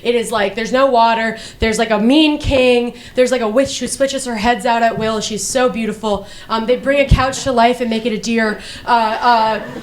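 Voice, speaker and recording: Woman, young adult, stand-up comedian, rambling, filler-heavy, profane, self-mocking, higher-pitched. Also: fairly even intonation, normal speed. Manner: rambling, full of "like" fillers and restarts. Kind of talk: stand-up monologue.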